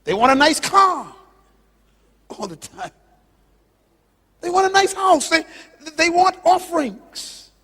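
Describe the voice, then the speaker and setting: A man preaching a sermon, emphatic and impassioned, questioning his listeners directly and drawing out key words slowly. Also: expressive. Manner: impassioned, emphatic, swings from loud declarations to low slow drawn-out words. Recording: long hall reverb.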